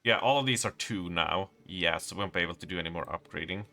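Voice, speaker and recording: A man's voice: low-pitched, fast talker, creaky, bright, forceful tone. A man streaming a game live, chatting with his viewers and reading the game's letters and notes aloud.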